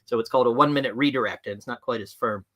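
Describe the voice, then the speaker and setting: Guy with a bright voice running a live webinar, plain-spoken and direct. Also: medium pitch, racing. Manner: frank, direct. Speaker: livestream presenter on management.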